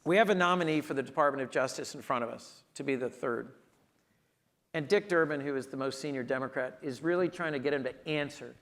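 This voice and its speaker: A man's voice: mid-range voice, brisk, a bit bright. A man in his sixties, a senator speaking as the guest in an onstage conversation, telling earnest stories with emphatic delivery.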